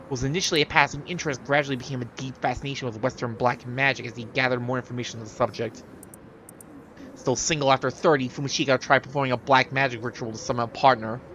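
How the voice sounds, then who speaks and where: A streamer quietly reading a game's character profile aloud, with small stumbles. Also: mid-range voice, fairly even intonation, fast, muffled recording, slight background noise. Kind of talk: reading game text aloud on a livestream. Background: game music.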